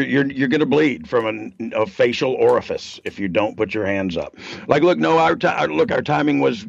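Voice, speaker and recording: A man's voice: medium pitch, creaky, dry recording, dull audio. A man co-hosting a podcast in casual chat, talking confidently and rambling, with frequent laughs. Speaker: podcast co-host, former wrestler and writer.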